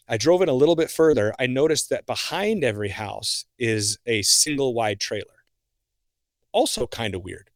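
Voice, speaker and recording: A young man, a guest on a podcast, telling a story in a casual, animated way. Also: medium pitch, moderate pace, no echo, studio quality. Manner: animated, acts out his own reactions.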